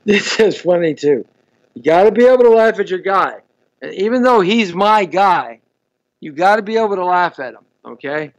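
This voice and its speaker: A man's voice: high voice, expressive, moderate pace, lo-fi sound. A man hosting a live show, chatting casually, stumbling over and repeating words and greeting viewers by name. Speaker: host. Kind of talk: casual live-stream chat.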